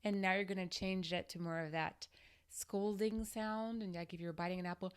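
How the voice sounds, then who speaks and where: A woman singing teacher giving a vocal lesson to camera, guiding each exercise step by step in a calm, instructive way. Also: on the low side, brisk, smooth.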